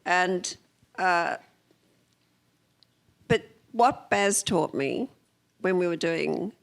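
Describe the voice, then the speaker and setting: Gravelly older Australian woman. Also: fairly low pitch, lively intonation, drawn-out words. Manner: chatty, trailing off with many fillers. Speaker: film editor. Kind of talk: onstage conversation.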